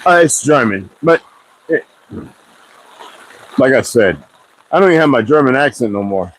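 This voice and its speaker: A man's voice: mid-range voice, lively intonation, moderate pace, slight background noise, poor audio. A man talking casually to his viewers in a loose, rambling vlog, full of joking asides. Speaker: vlogger.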